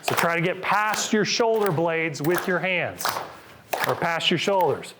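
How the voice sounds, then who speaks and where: A man's voice: high-pitched, animated, unhurried, noisy background. A middle-aged man, a physical therapist, coaching a live group through exercises with upbeat cues and counts.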